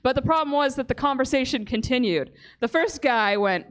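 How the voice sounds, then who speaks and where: High-voiced woman doing stand-up. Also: brisk, hardly any pauses. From Calgary, Canada. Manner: animated storytelling with silly character voices, laughing. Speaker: stand-up comic. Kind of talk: stand-up comedy set. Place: comedy club stage.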